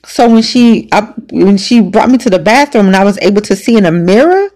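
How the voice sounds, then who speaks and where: A woman's voice: mid-range voice, animated, fairly quick, a little mellow. A woman hosting a podcast, telling a personal story in a casual, emphatic, conversational way. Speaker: podcast host.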